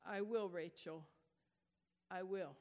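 This is a weary female teacher, heavy with grief, voiced by a woman during a sermon. She speaks slowly and gently, in a fairly high register. A long reverb hangs after each phrase. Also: lively intonation. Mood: tender, weary. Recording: echoey hall.

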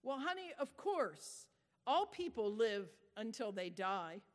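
This is a weary female teacher, heavy with grief, voiced by a woman during a sermon. She speaks slowly and gently, in a fairly high register. A long reverb hangs after each phrase. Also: sing-song. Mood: tender, weary. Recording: echoey hall.

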